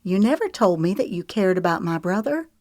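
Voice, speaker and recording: A woman voicing a hopeful young woman trying gently to persuade her brother and friend. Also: lowish voice, sing-song, brisk, no echo, clean studio sound, voice pushed up. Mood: soothing. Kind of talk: audiobook character reading.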